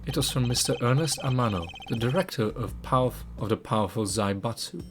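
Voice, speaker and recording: A man voicing a proud, formal young prosecutor, measured and dignified, slightly lower than his usual voice. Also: animated, close to an everyday voice. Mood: uneasy. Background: game music.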